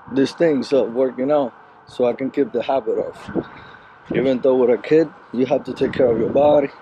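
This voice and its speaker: A man's voice: mid-range voice, highs cut off, background noise. A young man, a new father, talking casually to camera in a rambling way, thinking aloud in loose sentences. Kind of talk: casual vlog talk to camera.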